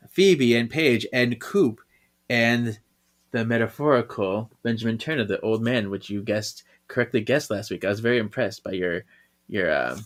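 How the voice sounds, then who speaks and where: A man co-hosting a podcast, talking through a comic issue in a relaxed, chatty way. His voice is bright and forward, and he jumps into high, lively voices when he quotes the characters. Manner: animated, acts out characters' lines with big jumps in pitch. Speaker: podcast co-host. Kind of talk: casual chat recapping a comic.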